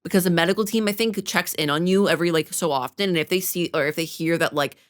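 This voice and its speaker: A woman's voice: lowish voice, fast. A woman co-hosting a podcast in casual chat, rambling with lots of fillers and casual swearing. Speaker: podcast co-host.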